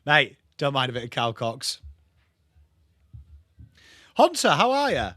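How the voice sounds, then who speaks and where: Bright, dry-sounding male watchalong host. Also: mid-range voice, wildly swooping pitch, slow pace, dry recording. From England. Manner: banter with viewers, swears freely. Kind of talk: casual live football commentary and chat.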